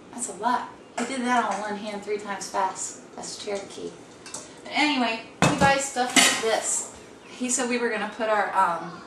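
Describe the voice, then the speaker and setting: A woman chatting casually to camera at home, rambling and self-deprecating as she jumps from one thought to the next. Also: a little high. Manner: quirky, meandering, self-deprecating. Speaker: vlogger. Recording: echoey room, distant mic, noisy background.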